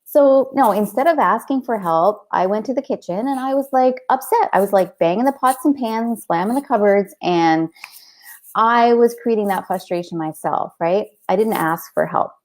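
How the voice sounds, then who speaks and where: A woman's voice: mid-range voice, moderate pace, few pauses, a little mellow. Chatty middle-aged woman coaching live. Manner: chatty, storytelling, frequent "like" and "right?". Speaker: coach hosting a live show. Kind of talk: casual live-stream coaching talk.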